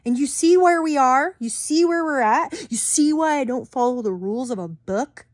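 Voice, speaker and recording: A woman in a heated, swearing rant to camera as a vlogger, swinging between loud outbursts and muttered asides. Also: sits high, normal speed, no room sound, clean studio sound.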